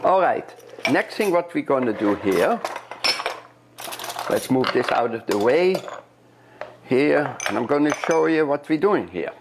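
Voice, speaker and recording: A man's voice: mid-range voice, very animated, a little slow, pauses often, noisy background. A man from Europe, a chef, chatting step by step through a cooking demonstration in a kitchen and often repeating his words.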